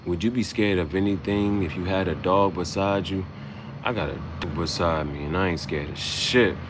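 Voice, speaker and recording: A man's voice: deep voice, moderate pace, noisy background. A man freestyling a loose, swaggering, profane rhyming monologue as host.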